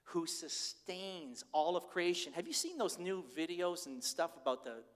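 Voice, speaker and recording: An older man preaching a conversational sermon as pastor, candid and animated as he tells stories. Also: high-pitched, measured pace. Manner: candid, chatty, animated storytelling. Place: church sanctuary. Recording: reverberant church hall.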